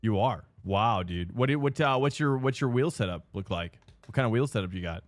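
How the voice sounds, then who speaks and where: A man's voice: medium pitch, expressive, a little fast, no room sound, clean studio sound, soft background music. Rambling male sim racing streamer. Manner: rambling, chatty, answers viewer chat. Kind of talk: live stream chat while racing.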